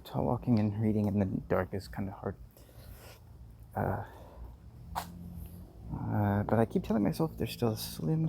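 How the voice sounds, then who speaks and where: A man rambles through a live game stream in a gravelly voice, muttering sarcastic, dark-humored asides to himself. His pitch swings widely from low grumbles to high squawks. A steady hiss of noise sits under the recording. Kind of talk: rambling live-stream monologue while playing.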